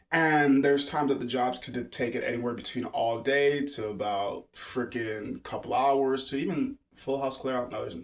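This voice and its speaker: A man casually reading a children's book aloud, stopping often to ramble and joke. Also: mid-range voice. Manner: digressive, jokey, stop-start reading.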